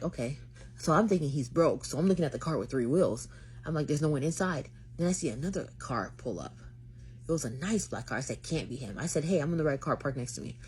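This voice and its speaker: A young woman vlogger retelling a dating story to the camera, dramatic and lively, acting out what everyone said. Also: low voice, a little hiss or hum.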